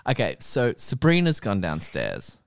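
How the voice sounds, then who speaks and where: Animated swearing man. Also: on the low side, a little slow, gravelly, clear, resonant tone, dry recording, studio quality. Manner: animated storyteller, swears freely. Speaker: podcast co-host. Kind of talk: casual chat.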